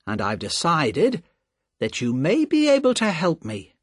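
A man voicing a calm, polite gentleman who speaks firmly and evenly. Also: fairly high pitch, no echo, clean studio sound, voice pushed up, exaggerated voice. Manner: measured, polite, firm.

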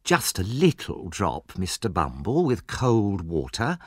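A man's voice: medium pitch, big pitch swings, normal speed, no echo, clean studio sound, voice pushed up. Man voicing a fawning, scheming old woman. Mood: wheedling.

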